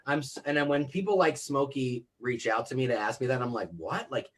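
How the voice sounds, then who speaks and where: Man, host, video call, mid pitch, rambling casual talk. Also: fairly quick. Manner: rambling, full of likes and you-knows.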